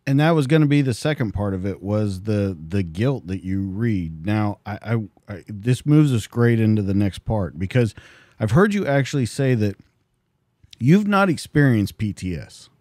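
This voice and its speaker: A man's voice: fairly low pitch, expressive, moderate pace, a little mellow, dry recording. Male podcast host with a dry close sound. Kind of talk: interview questions.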